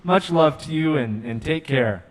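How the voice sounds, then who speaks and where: A man's voice: fairly high pitch, expressive, unhurried, low-quality recording. A man hosting a call-in show, earnest and apologetic, with nervous laughs. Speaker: radio show host.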